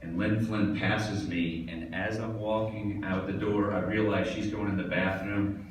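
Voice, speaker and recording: A man's voice: sits low, steady tone, a little slow, slight background noise. A man giving a hall of fame acceptance speech, telling funny stories and laughing along with them. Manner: storytelling, laughing at his own jokes. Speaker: tennis pro giving an induction speech. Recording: distant echoey hall recording.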